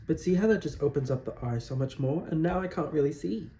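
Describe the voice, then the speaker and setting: Filmed at home on a phone camera, a man in drag chats through a makeup tutorial in a slightly high, fast voice with a dark tone. His vlog narration is casual, playful, giggly and self-mocking.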